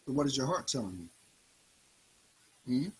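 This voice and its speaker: Husky man preaching a motivational monologue. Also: mid-range voice, very animated, moderate pace, low-quality recording. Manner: preachy, confrontational, rhetorical questions. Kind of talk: spoken-word motivational monologue.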